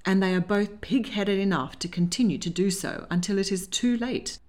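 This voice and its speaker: A woman voicing a brisk, scheming elderly grandmother who speaks bluntly and decisively. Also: medium pitch, a little mellow, natural voice. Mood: conspiring.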